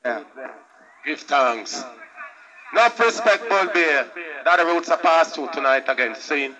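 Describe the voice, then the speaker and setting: High-voiced Jamaican deejay man on stage. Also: animated, measured pace, long pauses, dull audio, crowd noise. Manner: chanting patois, calls to Jah. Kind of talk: live stage toasting and chat. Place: live stage show. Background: band music.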